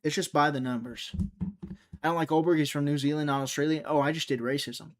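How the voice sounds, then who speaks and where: A man's voice: a little high, fairly even intonation, fast talker. A man hosting a casual livestream, rambling and joking as he answers viewers' chat comments. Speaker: livestream host.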